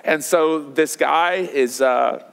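A man's voice: a little high, slow pace, creaky, fairly bright tone, clean tone. A man in his thirties, a pastor preaching a sermon in a church, talking conversationally with many fillers and restarts. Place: church auditorium. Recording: long hall reverb.

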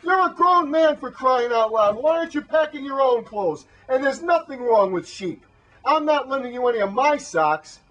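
A man playing a blunt, exasperated crew member who scolds the others and tries to calm them, in an amateur comedy spoof. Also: very high-pitched, normal speed, highs cut off, heavily acted. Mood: scolding. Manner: scolding, then soothing.

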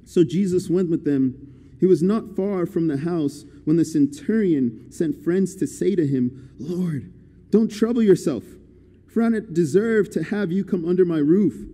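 A man preaching a sermon as a guest speaker, animated and swinging between quiet and loud passages. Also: fairly high pitch, normal speed. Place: church hall. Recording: church hall reverb.

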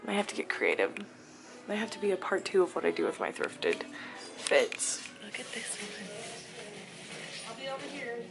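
A young woman in a casual shop-with-me vlog, chatty and excited, often dropping to a whisper, filmed on a handheld camera inside a thrift store. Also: mid-range voice, moderate pace, creaky, pauses often. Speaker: vlogger. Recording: store noise in background.

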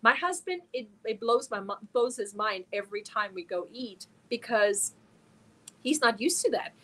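A middle-aged woman chats casually on her live stream. Her voice sits a little high, and she greets viewers and answers their messages one by one. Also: expressive, moderate pace. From Germany. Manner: reads chat messages aloud and answers viewers warmly one by one.

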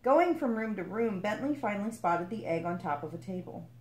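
A woman reads a children's picture book aloud in a lively, expressive way. Her voice sits at an average pitch for a woman, in a noticeably echoey room. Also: brisk. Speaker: storyteller.

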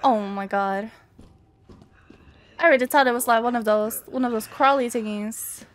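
A woman's voice: fairly high pitch, normal speed. A young woman playing a horror game, chatting casually, reading notes aloud and getting easily spooked. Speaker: streamer. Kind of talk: casual let's play commentary.

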